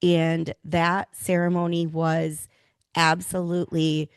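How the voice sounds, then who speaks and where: A woman's voice: sits low, level tone, slow, clean tone, dry recording. A woman co-hosting a casual hockey podcast, upbeat and steering the talk with questions. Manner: upbeat, leads the conversation with questions. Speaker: co-host.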